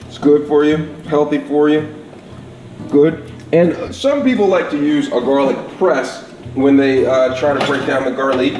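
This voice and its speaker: A man's voice: on the high side, measured pace. A man giving a casual cooking demonstration in his home kitchen, chatty, often checking in with "all right?". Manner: chatty, repeats "all right?" and "absolute goodness". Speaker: home cook. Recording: echoey kitchen with faint guitar music.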